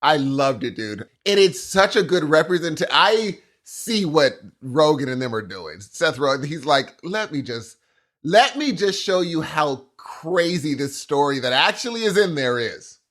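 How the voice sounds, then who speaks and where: A man's voice: fairly high pitch, big pitch swings, a little slow, fairly bright tone. A man co-hosting a podcast in casual chat, talking with enthusiasm and calling his partner dude. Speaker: podcast co-host.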